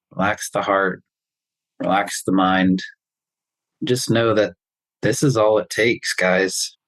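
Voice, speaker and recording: A male pharmacist host leading a group through a calm guided breathing meditation on a video call, in slow, soothing instructions. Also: fairly low pitch, no echo, rough recording.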